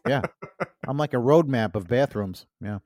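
A man's voice: mid-range voice, expressive, moderate pace, gravelly, darkish tone, dry recording, clean studio sound. A man co-hosting a comedy podcast, trading jokes with sly innuendo and mock offense. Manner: wisecracking, innuendo-prone, playfully mock-offended. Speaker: podcast co-host. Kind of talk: joking banter.

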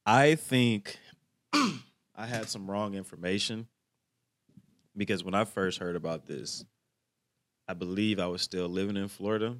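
A man giving slangy, reflective casual reaction commentary, often clearing his throat. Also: fairly low pitch, measured pace, long pauses, a bit bright.

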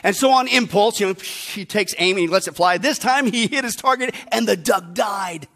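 A pastor preaching a sermon with emphatic rhetorical questions that swing between bursts and hushed asides. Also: male voice, high-pitched, moderate pace.

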